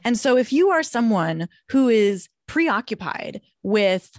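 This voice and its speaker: A woman at a middle pitch, speaking in a dry, close sound with no room echo. She is animated and playful and acts out her examples with little quoted voices as she gives dating advice as a guest. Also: takes it slowly. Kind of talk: casual conversational interview.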